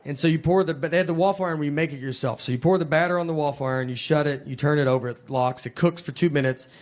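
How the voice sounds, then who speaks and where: A man doing a stand-up comedy set, telling stories in a deadpan, low-key manner. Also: rapid-fire. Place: live venue with laughing audience. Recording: loud crowd laughter and noise.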